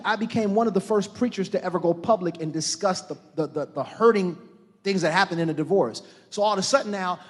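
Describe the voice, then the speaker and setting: A middle-aged man preaching a sermon to a church congregation, building to shouted fervor and calling out to the crowd. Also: high voice. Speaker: pastor. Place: large church hall. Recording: live church sermon with long hall reverb.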